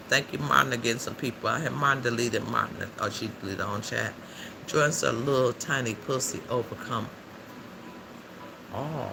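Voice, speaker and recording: A man hosting a livestream in a loose, chatty way, reading out viewers' comments and answering them as he goes, with frequent laughs. His voice has a gravelly rasp at a middling pitch. Steady background noise runs under everything. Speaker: livestream host. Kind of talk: casual livestream chat with viewers. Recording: noisy background ambience.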